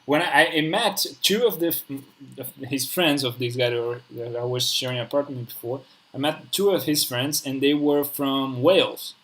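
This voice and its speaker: A man's voice: medium pitch, moderate pace, few pauses, fairly bright tone, poor audio. Hesitant man with a mid-range voice. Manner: hesitant, many fillers and restarts. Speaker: live stream host. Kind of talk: casual conversation.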